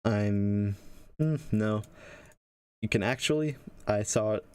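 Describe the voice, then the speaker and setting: Low-voiced man thinking aloud while coding. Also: a little mellow, clean tone. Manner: casual, halting, thinks aloud with restarts. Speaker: game developer teaching on a livestream. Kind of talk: thinking-aloud livestream tutorial.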